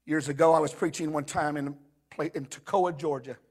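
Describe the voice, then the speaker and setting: A man preaching a sermon to a live church congregation with impassioned delivery, swinging between shouting and hushed storytelling. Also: a little high, fairly even intonation, a little fast, slightly rough. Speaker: pastor.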